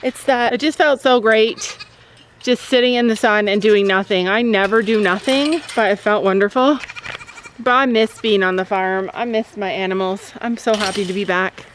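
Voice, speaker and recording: A woman tends her goats on her farm, coaxing them while she chats casually to her vlog audience. Her voice is medium-pitched at a normal speed, and the recording is rough, with outdoor farm noise and goats bleating.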